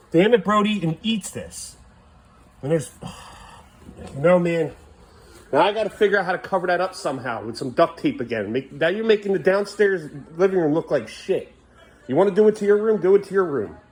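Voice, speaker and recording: A man's voice: a little high, a little mellow, slightly rough. A father at home scolding his sons and venting his frustration, recorded on a handheld phone with faint household noise behind him. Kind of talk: casual home vlog. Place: family home indoors.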